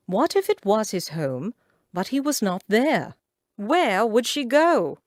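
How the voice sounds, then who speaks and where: A woman reads a romance audiobook with a dramatic, expressive delivery. Her pitch rises and falls widely while she keeps an unhurried pace. The recording is dry and close. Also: no room sound. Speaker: audiobook narrator. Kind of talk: scripted audiobook narration.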